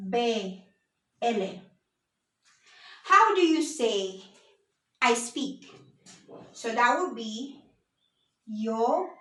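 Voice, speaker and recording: Slow patient woman teaching in an echoey room. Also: on the high side, a bit bright, recorded from a distance. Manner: slow, patient explaining with frequent "so" and "now". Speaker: language teacher. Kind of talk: beginner language lesson. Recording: echoey room, voice set back from the mic.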